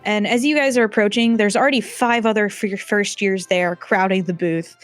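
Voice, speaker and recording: A woman's voice: mid-range voice, fairly even intonation, normal speed, faint music behind. Rambling woman game master. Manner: chatty, rambling, frequent "like" fillers. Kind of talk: narrating a tabletop game.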